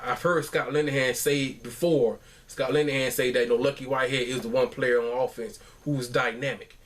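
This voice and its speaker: A man's voice: medium pitch, a bit bright. A man giving a casual football recap at home in a rambling, exasperated way, with many restarts. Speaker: fan commentator.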